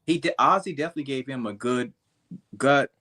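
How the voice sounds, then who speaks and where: Relaxed man chatting on a panel. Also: medium pitch, a little fast. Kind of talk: casual panel discussion.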